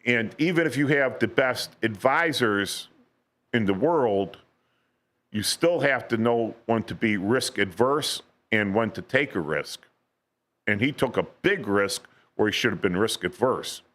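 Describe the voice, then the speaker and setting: A man's voice: fairly low pitch, animated, unhurried, a bit bright. Radio guest, man, casual talker, restarts sentences and checks in with "right?" often. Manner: rambling, repeats words, asks "right?". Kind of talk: casual history talk on local radio. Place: radio studio.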